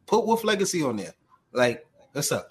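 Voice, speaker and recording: A man's voice: a little high, normal speed, a crowd in the background. A man, a podcast guest telling stories in casual chat, full of slang and fillers. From Brooklyn, New York. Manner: animated storyteller, heavy slang and fillers. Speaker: podcast guest, cosplay creator.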